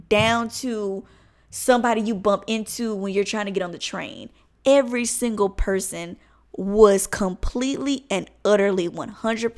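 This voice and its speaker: Blunt, rambling young woman vlogging. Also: mid-range voice. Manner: candid, blunt, swears freely, rambling with restarts. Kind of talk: casual talking-head vlog.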